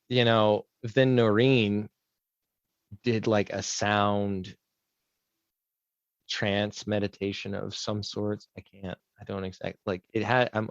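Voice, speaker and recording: A man's voice: fairly low pitch, no room sound, lo-fi sound. A man co-hosting a podcast, casually telling rambling stories and acting out what people said. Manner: rambling storyteller, acts out quotes. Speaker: podcast co-host. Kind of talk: casual chat.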